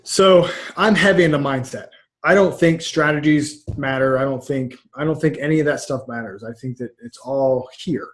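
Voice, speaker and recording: At a moderate pace and medium pitch, a middle-aged man who coaches mindset speaks casually during a video-call interview. He tends to ramble and repeat words, delivered with frank energy, picked up by a webcam about two feet from him.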